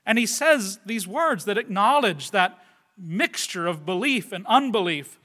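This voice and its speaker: A man preaching a sermon with earnest delivery, moving from loud, stressed phrases to quiet asides and often turning to the listeners with questions like "right?". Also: high-pitched, lively intonation, measured pace. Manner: addresses the listeners directly with tag questions. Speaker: pastor.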